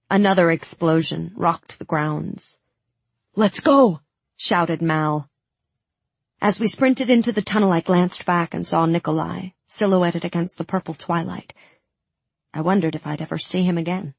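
A woman reading a first-person story aloud as an audiobook narrator, with urgent, tense storytelling that breaks into shouts. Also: sits low, gravelly, breathy edge, no room sound.

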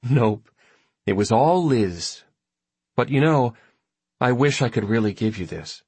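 A man's voice: mid-range voice, animated, a little slow, darkish tone, breathy edge, dry recording. A man voicing a playful, teasing mother in an audiobook.

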